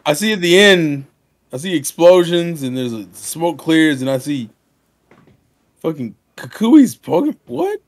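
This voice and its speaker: Animated high-voiced man co-hosting. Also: unhurried. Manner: animated, swearing, acts out scenes. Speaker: podcast co-host. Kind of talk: casual podcast chat.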